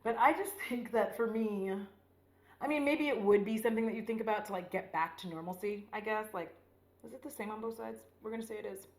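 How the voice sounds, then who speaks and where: A woman chatting through her makeup routine in a loose, rambling way, swearing freely as she retells a story. Her voice sits at a middling pitch. The room echo is clearly audible around her voice, as if she were recording on a camera mic. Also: brisk. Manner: rambling, profane, animated retelling. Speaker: beauty vlogger. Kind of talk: casual get-ready-with-me chat. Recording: roomy echo.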